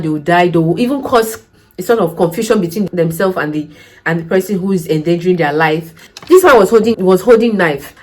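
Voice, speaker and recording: A woman's voice: medium pitch, rough recording. A woman, giving care job interview advice in a casual vlog. She tells stories, acts out the dialogue and asks emphatic questions.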